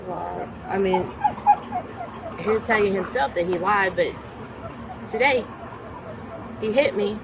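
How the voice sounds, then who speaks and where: A woman's voice: medium pitch, vocal fry, background noise. Agitated woman on body camera audio. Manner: agitated, repetitive, profane, rushing over interruptions. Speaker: woman reporting a domestic dispute. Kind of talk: emotional account to a deputy. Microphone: officer's body camera.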